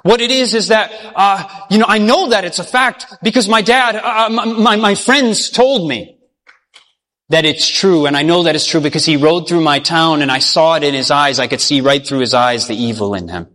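A man's voice: fairly high pitch, normal speed, fairly bright tone, lightly acted. A man voicing an anxious young village woman in love, stammering and hesitant. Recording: long hall reverb.

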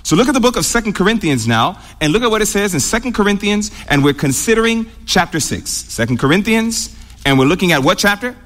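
High-voiced, animated male preacher. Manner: call-and-response, asking the congregation to answer; drawn-out emphatic delivery with big swings. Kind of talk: sermon. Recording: reverberant hall.

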